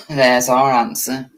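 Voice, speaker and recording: A woman's voice: rumbling low, a bit bright. A woman vlogger reading text aloud and breaking off for sarcastic, irritated remarks.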